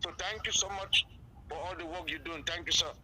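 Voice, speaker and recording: A man's voice: a little high, fairly even intonation, a little fast, sharp tone, poor audio. A man calling in to a radio show, speaking earnestly and repeating his key points for emphasis. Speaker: caller. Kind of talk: call-in phone contribution.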